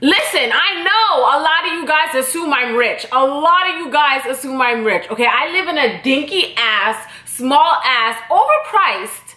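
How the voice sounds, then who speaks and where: A young woman vlogging from her home, her Jamaican-tinged accent running through a rambling, blunt, often profane chat. Her voice sits a little high and sounds crisp and forceful. The room around her rings with a clear echo. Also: lively intonation, unhurried, hardly any pauses. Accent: Jamaican-tinged English. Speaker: YouTuber. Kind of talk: casual direct-to-camera vlog. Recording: echoey room.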